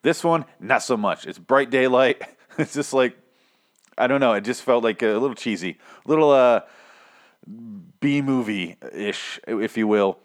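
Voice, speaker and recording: A man's voice: medium pitch, unhurried. Rambling, profane man recapping a show. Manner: rambling, profane, self-mocking, stumbles over words. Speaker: TV recap podcaster. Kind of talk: casual recap monologue.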